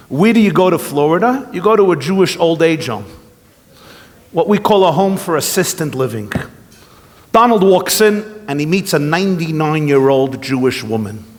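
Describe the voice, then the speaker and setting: A rabbi giving a keynote speech, his voice high and lively, swooping across a wide pitch range as he tells jokes. The sound rings with a long reverb from a large event hall. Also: normal speed. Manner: animated, joking storyteller.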